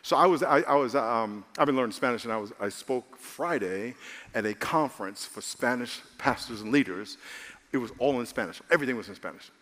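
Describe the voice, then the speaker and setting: A man preaching a sermon as a pastor, animated and calling for amens, his voice rising to excited shouts. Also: medium pitch, brisk. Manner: calls for amens from the congregation. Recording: long hall reverb.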